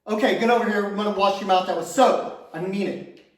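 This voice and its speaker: A man voicing a stern mother who scolds her young son with sharp, demanding questions. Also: sits high, brisk, close to an everyday voice. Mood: scolding. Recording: echoey room, far from mic.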